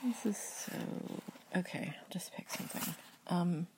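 A young woman with a Midwestern US accent, talking in a hushed, often half-whispered way with many hesitations, reading aloud and working through a word list. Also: lowish voice, unhurried. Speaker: video host. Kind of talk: soft-spoken accent tag and book reading.

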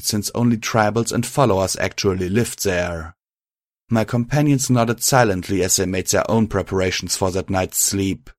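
A man reading a first-person fan fiction story aloud, steady and even. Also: fairly low pitch, no echo, studio quality. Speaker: narrator.

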